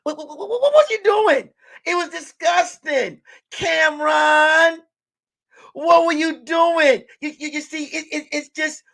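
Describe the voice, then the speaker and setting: Guy doing a stuttery fired-up tv sports pundit, yelling, way high pitched. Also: completely flat delivery, a little fast, few pauses, exaggerated voice. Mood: outraged. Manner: stuttering, shouting, outraged. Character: excitable stammering male sports TV pundit.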